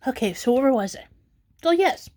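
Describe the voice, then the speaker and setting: A woman records a personal vlog while fighting back tears. She speaks slowly and haltingly, sighs often and keeps apologizing. Her voice sits high. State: crying, tearful. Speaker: vlogger.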